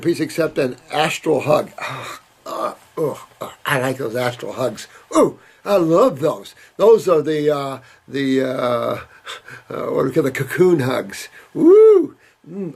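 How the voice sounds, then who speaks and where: A man's voice: a little high, gravelly, a little mellow, breathy edge. A middle-aged man answering viewer questions in an emphatic, folksy, casual way, with playful asides. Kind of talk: casual advice talk reading viewer letters.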